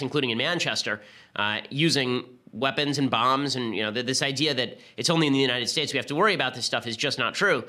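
A man hosting a podcast, delivering an argumentative political commentary monologue with quick restarts. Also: medium pitch, sharp tone. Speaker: podcast host.

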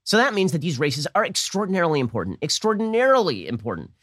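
A man's voice: fairly high pitch, sing-song, a bit bright, no room sound, studio quality. A man hosting a political commentary show, talking in a sarcastic, mocking monologue. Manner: sarcastic, mocking, rapid-fire.

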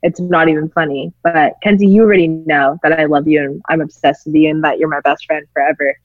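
A young woman guest talks emphatically and plainly in a fairly low voice. Her sound is dry and dull, like lo-fi audio. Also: steady tone, a little fast, no echo. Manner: emphatic, firm, plain-spoken. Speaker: podcast guest. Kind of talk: casual chat.

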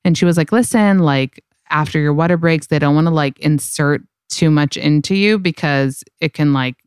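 Young woman host, lowish smooth voice, close dry mic, candid chatty storyteller who swears freely. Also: moderate pace, darkish tone, dry recording. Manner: candid, profane, lots of "like". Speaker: podcast host. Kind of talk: casual storytelling chat.

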